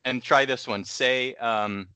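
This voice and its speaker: A man's voice: medium pitch, steady tone, takes it slowly, bright, forceful tone, clear, resonant tone, no room sound. A man co-hosting a casual podcast chat, rambling, trailing off and laughing often. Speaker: podcast co-host.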